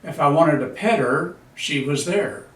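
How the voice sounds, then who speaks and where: A man's voice: on the high side, animated, measured pace. A man in his seventies, a veteran, reading his own memoir aloud in a dry, understated storytelling manner. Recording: echoey room, voice a bit far from mic.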